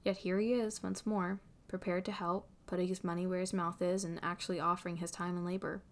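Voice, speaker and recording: A woman reading a fan fiction story aloud as narrator, in a calm, even storytelling manner. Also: on the low side, a little fast. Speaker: reader.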